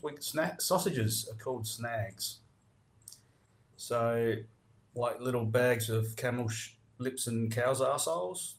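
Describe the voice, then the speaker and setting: A man with an Australian accent, hosting a podcast and explaining local slang in crude, laid-back casual chat. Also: medium pitch. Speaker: podcast host.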